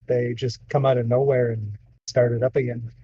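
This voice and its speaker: A man's voice: mid-range voice, flat delivery, moderate pace, warm tone. A man chatting casually on a live stream, asking easygoing questions. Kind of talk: casual livestream chat. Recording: dull lo-fi stream audio.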